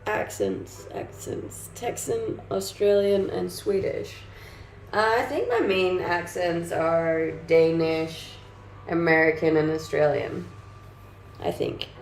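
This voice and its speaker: A woman's voice: fairly low pitch, slow pace, a little hiss or hum. A young adult woman streaming live, chatting casually and reading comments aloud with easy laughs. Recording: roomy sound with faint music behind.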